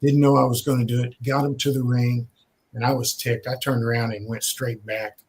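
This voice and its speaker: An older man from Texas, telling stories in a casual way with many pauses and restarts. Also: mid-range voice, level tone, a little mellow. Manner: conversational, many "uh" and repeated starts. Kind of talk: casual storytelling.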